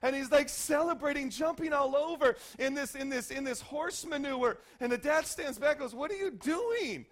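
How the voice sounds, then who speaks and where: A man in his forties preaching a sermon as pastor, telling stories with lively acted-out voices and sudden shouts. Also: very high-pitched, moderate pace, few pauses. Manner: animated storytelling, acting out voices and shouts.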